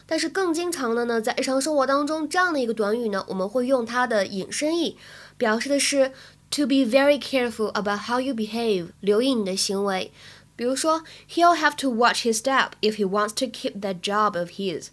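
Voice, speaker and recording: A woman's voice: fairly high pitch, fairly quick. A woman English teacher, explaining phrases to students in a chatty way, often checking in with "right?".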